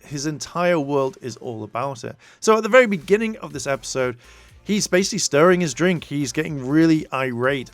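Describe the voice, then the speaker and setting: With a slightly high voice and no echo, a TV show reviewer rambles through an episode recap. He leans on lots of fillers, restarts often, and performs the quotes he repeats.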